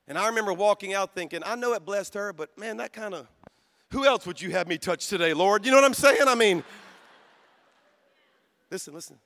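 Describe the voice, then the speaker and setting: A man preaching a sermon at a conference, telling a story in a soft voice and then building to shouted calls for praise. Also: high-pitched, normal speed, long pauses. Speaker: pastor. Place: conference hall.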